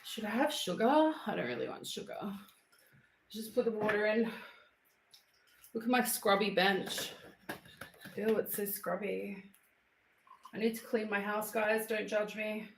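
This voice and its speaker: A Queensland woman hosts a home livestream indoors, bluntly answering viewer comments in casual chat. Her mid-range voice is gravelly and a little slow, with frequent pauses. The poor audio is reverberant and carries a faint hiss or hum.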